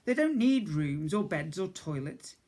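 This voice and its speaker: A man's voice: high voice, very animated, measured pace, a little mellow. A man, a teacher, reading a storybook aloud to young children, stopping to ask questions and explain words.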